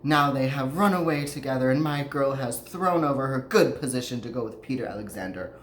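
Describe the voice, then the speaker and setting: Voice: medium pitch, brisk, lightly acted. A podcaster voicing a distraught, anxious 1930s mother pleading to get her daughter back. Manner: theatrical pleading read with a put-on accent. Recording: roomy echo, faint noise.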